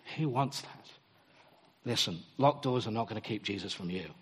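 A man's voice: on the low side, moderate pace, slightly rough. Male preacher in a reverberant hall. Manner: animated storytelling, acts out quotes. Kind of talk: sermon. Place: church hall.

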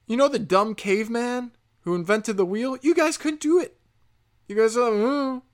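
This speaker rants in a sarcastic, foul-mouthed comedic style. The pitch is in a middle range, and the voice jumps up high and loud for emphasis before dropping into low mutters. It sounds like an improvised solo monologue. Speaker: solo commentator. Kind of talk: profane comedic rant.

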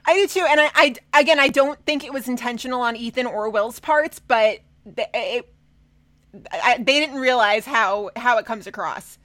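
High-voiced woman chatting animatedly. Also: normal speed, no room sound. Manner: animated, swears, quotes characters in mocking voices. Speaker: podcast co-host. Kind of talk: casual chat recapping a TV episode.

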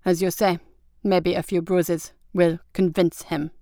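A woman plays a calculating older man who weighs each word slowly. His tone is cold and measured. The voice is smooth and closely recorded, without room sound. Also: lowish voice, flat delivery, mellow, dry recording, studio quality, natural voice. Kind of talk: audiobook character voice.

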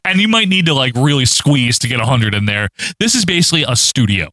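A man's voice: medium pitch, very animated, quick pace, bright, forceful tone, dry recording. A man co-hosting a casual podcast, recapping old wrestling footage and laughing often. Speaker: podcast co-host.

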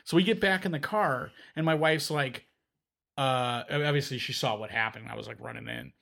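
A male podcast host rambles through a story, stopping and restarting his sentences as he goes. His voice sits at an ordinary middle pitch, and he talks into a podcast microphone. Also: normal speed, vocal fry, fairly bright tone. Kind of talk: casual chat.

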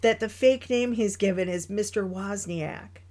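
A woman's voice: medium pitch, a little slow. A woman co-hosting a podcast, chatting casually about a film and laughing often. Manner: animated, laughs often while talking. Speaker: podcast co-host. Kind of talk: casual chat reviewing a film.

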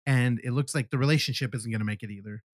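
A man's voice: mid-range voice, quick pace, no echo. A man casually recapping a film on a podcast, animatedly acting out the characters' lines and swearing freely. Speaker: podcast host. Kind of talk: casual movie review chat.

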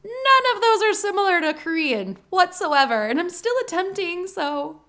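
A woman's voice: very high-pitched, sing-song, moderate pace, bright, forceful tone. A woman co-hosting a podcast in casual chat who laughs often and makes earnest requests to listeners. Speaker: podcast co-host.

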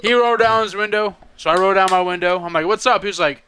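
High bright-voiced man telling a story. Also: quick pace, slight background noise. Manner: swearing, repeats himself, lots of "he was like". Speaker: podcast co-host. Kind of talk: casual storytelling chat.

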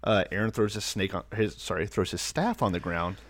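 A man's voice: low voice, a little fast, no echo. A man co-hosting a casual podcast, joking and retelling stories in slangy, swearing quoted voices. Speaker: podcast co-host. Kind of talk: casual irreverent chat.

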